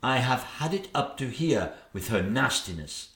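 Man doing a shrill spiteful stepmother. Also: very animated, unhurried, fairly bright tone. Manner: shrill, nagging, theatrical. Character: shrill scheming stepmother queen, woman, spiteful. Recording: echoey room.

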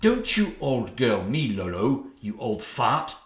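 Man playing a shrill, domineering stepmother queen, lively scolding, echoey room. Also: slow pace. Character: shrill bossy stepmother queen, middle-aged woman. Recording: roomy echo.

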